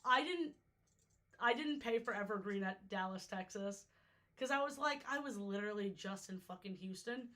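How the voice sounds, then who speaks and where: A woman's voice: medium pitch, normal speed, fairly bright tone. A young woman from New York chatting casually on a livestream, jokey and easily sidetracked, her voice a little worn out. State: slightly worn-out voice. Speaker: streamer ranking water parks.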